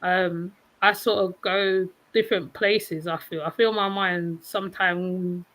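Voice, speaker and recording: A woman from England with an English accent, a guest YouTuber chatting casually on a livestream, quick to laugh and full of "like" and restarts. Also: lowish voice, fairly even intonation, fairly bright tone, rough recording. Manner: laughs easily, lots of "like" and restarts.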